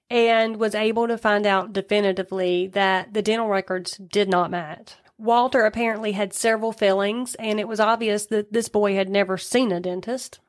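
A woman co-hosting a podcast, retelling a true-crime case in a chatty way with asides. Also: medium pitch. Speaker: podcast co-host.

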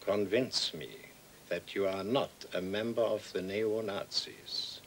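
A cynical old man in a wheelchair in a film, talking slowly in a lowish voice. Every word is measured and coldly threatening. A faint hiss of film noise sits under him. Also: steady tone, a bit bright, rough recording. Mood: cold menace. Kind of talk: feature film dialogue.

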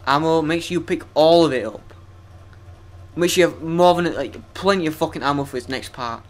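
A man's voice: fairly high pitch, moderate pace. A young man giving profane, sarcastic, self-mocking commentary while playing a video game. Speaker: let's play gamer. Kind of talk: gameplay commentary.

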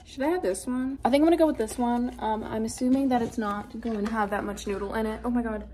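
A woman's voice: fairly high pitch, fast, mellow, a little hiss or hum. Chatty teen girl with put-on Southern twang. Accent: put-on Southern US country. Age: teens. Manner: chatty, rambling, self-deprecating. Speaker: vlogger. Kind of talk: casual vlog while doing makeup.

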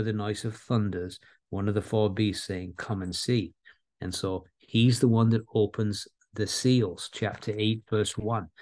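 A man preaching an expository Bible sermon, earnest and deliberate, repeating key words and slowing down for emphasis. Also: fairly low pitch, a little mellow.

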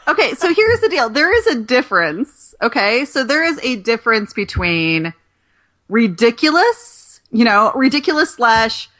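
A woman's voice: a little high, big pitch swings, moderate pace, hardly any pauses, pushed and bright. A woman in her forties, a relationship coach guesting on a podcast, talking bluntly and emphatically. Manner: blunt, emphatic, swears freely. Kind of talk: casual podcast chat.

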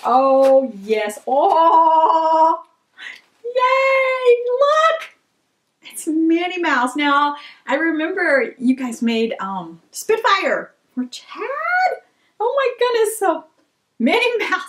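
High-voiced, gushing woman. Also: slow. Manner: gushing, excitable, gasps and squeals. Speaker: vlogger opening fan mail. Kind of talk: casual chat.

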